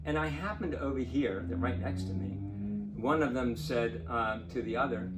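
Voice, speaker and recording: Older man, lawyer, casual storytelling, animated, chuckles, faint background noise. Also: mid-range voice, normal speed. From Portsmouth, Virginia. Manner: chatty, animated, laughs while telling. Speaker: lawyer telling a personal story.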